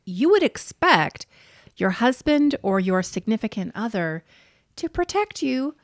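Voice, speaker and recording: A woman's voice: fairly high pitch, very animated, unhurried, dry recording, studio quality. A woman co-hosting a podcast, recapping reality TV in casual chat, blunt and swearing freely as she retells scenes. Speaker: podcast co-host.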